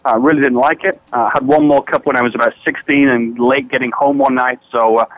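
A man's voice: medium pitch, fairly even intonation, fairly quick, fairly bright tone, dry recording. A man as a radio show guest, chatting casually and hesitantly with lots of fillers. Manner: hesitant, many fillers, friendly. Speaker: guest consultant. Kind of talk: casual chat. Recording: dull dry phone-in line.

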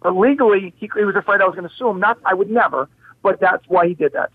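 A man's voice: high-pitched, fast, husky, dry recording. A man telling stories as a guest on a talk show, emphatic and full of rhetorical questions. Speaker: guest, health practitioner. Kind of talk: animated storytelling on a talk show. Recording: dry phone line.

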